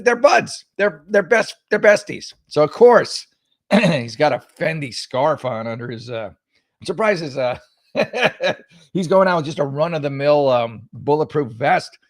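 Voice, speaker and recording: A man's voice: mid-range voice, no echo, studio quality. A male talk show host giving casual political commentary in a sarcastic, mocking, rambling way with many restarts.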